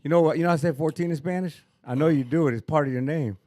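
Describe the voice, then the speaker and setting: A man's voice: a little high, rapid-fire, warm tone, no echo, studio quality. A man in his thirties co-hosting a boxing podcast outdoors, easygoing and joking, often laughing. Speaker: podcast co-host. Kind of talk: casual chat. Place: rooftop outdoors in downtown Dallas.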